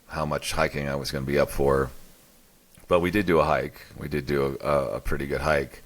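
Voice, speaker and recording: A middle-aged man co-hosts a podcast, his very deep voice carrying a fairly bright tone. His casual conversation rambles, with many restarts and fillers.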